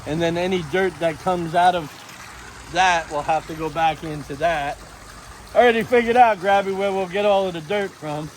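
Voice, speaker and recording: In this casual backyard vlog, a man with a fairly high voice speaks at a moderate pace, showing his plans and talking to his animals. The recording is low quality, with outdoor noise in the background.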